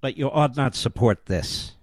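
A man's voice: mid-range voice, expressive, unhurried, dry recording. A man hosting a political talk show, delivering an emphatic, declamatory commentary monologue with lots of rhetorical repetition.

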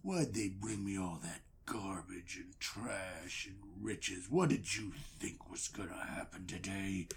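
A man voicing a menacing giant male wrestler in a low, slow growl. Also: creaky, a little hiss or hum, full character voice.

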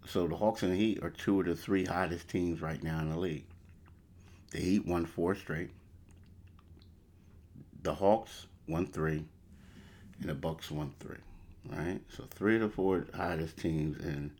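A man's voice: deep voice, darkish tone. A man hosting a casual sports talk show, rambling and repeating himself as he talks through the standings. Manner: rambling, repeats "you know" and "crazy". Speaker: sports podcast host.

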